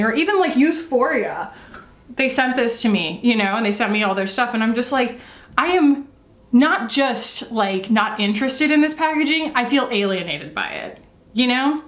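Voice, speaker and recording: A woman's voice: fairly high pitch, big pitch swings, normal speed, a bit bright. A woman in her thirties chatting through a makeup tutorial as a beauty vlogger, rambling with lots of fillers. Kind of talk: casual makeup tutorial chat. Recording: echoey room.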